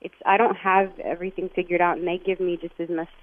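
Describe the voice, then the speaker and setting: A woman's voice: lowish voice, level tone, fast talker. Woman from Texas on a tinny phone line. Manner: earnest, reflective, restarts her sentences. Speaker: guest interviewee. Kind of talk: phone interview.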